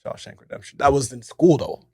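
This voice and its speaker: A young man co-hosting a casual podcast, slangy and animated, with loud outbursts and laughter. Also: mid-range voice, brisk, slightly rough, no room sound, studio quality. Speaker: podcast co-host. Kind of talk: casual chat.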